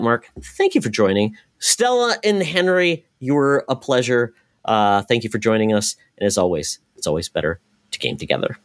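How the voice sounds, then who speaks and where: A man hosting a gaming podcast, talking in an animated, opinionated way. His pitch moves a lot as he talks, and the recording sounds dry and close. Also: dry recording. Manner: animated, opinionated, quick asides. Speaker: podcast host. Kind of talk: casual chat.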